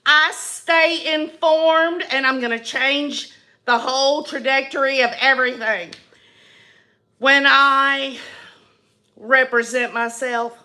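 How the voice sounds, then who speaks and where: A woman's voice: sits high, pushed and bright. A woman hosting her own channel, delivering a mocking, sarcastic comedy monologue in character with crude asides. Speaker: host of a satirical channel.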